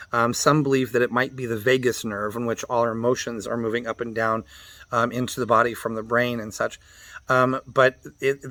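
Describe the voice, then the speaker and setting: A man leads a mantra lesson in a middle-pitched voice, spelling out sounds and chanting slowly. The recording is dry and close, with almost no room sound. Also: a bit bright, dry recording. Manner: patient explainer, spells out pronunciations and chants the syllables slowly. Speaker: meditation teacher. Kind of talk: teaching mantra recitation.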